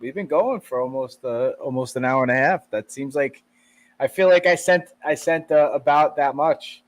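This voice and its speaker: A man co-hosting a podcast, chatting casually as he reacts to video clips, excitable and quick to laugh. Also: mid-range voice. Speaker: podcast co-host.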